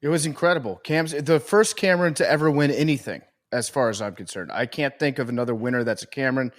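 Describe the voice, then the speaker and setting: A male co-host talks sports in an easy, casual way and slips in dry, deadpan jokes. His voice sits at an average pitch for a man. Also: fast talker. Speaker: podcast co-host.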